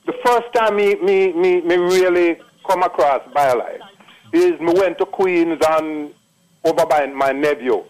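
A man's voice: on the high side, a little slow, rough recording. Older Jamaican man, emphatic caller. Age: late 60s. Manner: repeats himself, drops into patois, emphatic. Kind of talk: phone-in testimonial.

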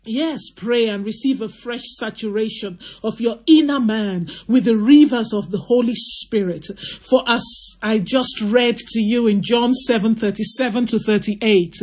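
A woman's voice: on the high side, measured pace, hardly any pauses, darkish tone. A woman leading prayer on a hotline, with fervent, repetitive prayer that drifts into half-singing. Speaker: prayer line leader.

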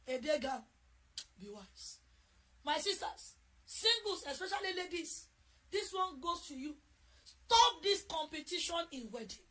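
A middle-aged woman with a Nigerian accent preaching a sermon, repeating key phrases and shouting them for emphasis. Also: high-pitched.

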